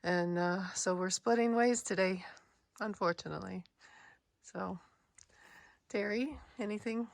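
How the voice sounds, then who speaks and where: A long-distance hiker vlogs casually to her camera on a rocky outdoor trail, chatty and plainspoken, sighing between thoughts. Her mid-range voice is gravelly and a little slow, with no room sound.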